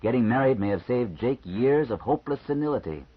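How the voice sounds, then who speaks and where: A man reading an audiobook, voicing a calm male doctor who explains things frankly and matter-of-factly. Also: mid-range voice, husky. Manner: measured, matter-of-fact explaining. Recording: slightly muffled lo-fi recording.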